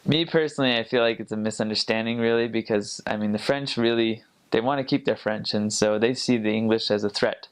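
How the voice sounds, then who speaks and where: Heard from a video being played back, an American man who is the commenter in the reacted video explains at length in a casual way. His voice is on the low side, smooth and brisk with fairly even intonation and few pauses, though he often stops and restarts phrases. The recording is rough.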